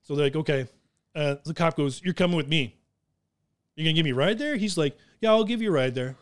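High-voiced guy telling stories real fast, super animated, swears a lot. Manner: animated, acts out quotes, swears. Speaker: guest. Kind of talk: casual storytelling chat.

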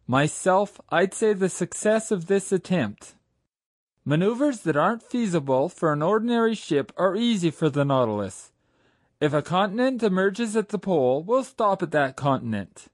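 A man voicing a proud, daring submarine captain who speaks calmly, ironically and with command, in an audiobook. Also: high voice, no room sound, clean studio sound. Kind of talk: audiobook character reading.

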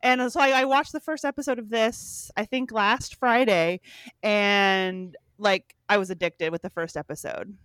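A woman's voice: mid-range voice, fairly even intonation, measured pace, fairly bright tone, clear, resonant tone, dry recording. A woman hosting a podcast in casual, chatty talk, giggling often. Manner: chatty, giggly, says cringe a lot. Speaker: podcast host. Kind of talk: casual chat.

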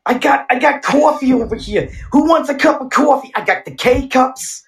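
A man putting on a New York accent, playing an excited guy shouting to sell coffee around his yard. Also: very high-pitched, gravelly, roomy sound, soft background music, voice pushed up. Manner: shouty, hurried hawking.

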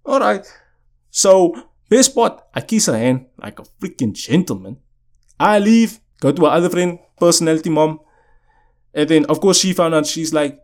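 A man's voice: on the high side, expressive, normal speed. A young man hosting a podcast, telling a personal story in casual chat, often asking "you know what I'm saying". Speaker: podcast host. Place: indoors, seated.

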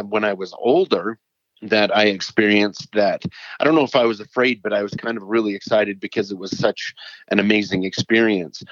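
A man's voice: lowish voice, dry recording. A middle-aged man from Utah, a paranormal author, telling his stories in a casual, earnest and rambling way as an interview guest. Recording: dull lo-fi dry sound.

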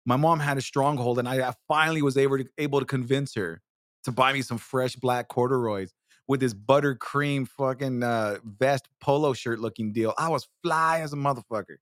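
A show host with a mid-range, fairly bright voice tells comic stories at a moderate pace, rambling and profane with many restarts. The recording is studio quality with no echo.

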